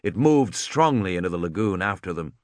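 Expressive male audiobook narrator. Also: sits low, brisk, no echo. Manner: expressive storytelling with voiced characters. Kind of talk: audiobook reading.

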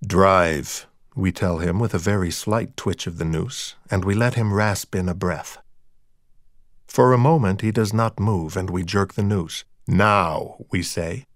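A man narrating dark fiction in a slow, hushed, measured and cold manner. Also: low voice, no echo, clean studio sound.

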